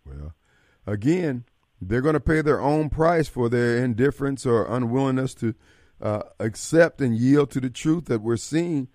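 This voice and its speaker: A man hosting political talk radio, animated and preachy, swinging from loud outbursts to mutters. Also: medium pitch, measured pace, no room sound, studio quality.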